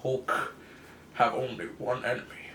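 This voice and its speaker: A man's voice: medium pitch, level tone, a little slow, pushed and bright, echoey room, distant mic, a little hiss or hum. Man muttering as a hulking green brute. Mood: grumbling. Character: hulking green male brute, broken speech.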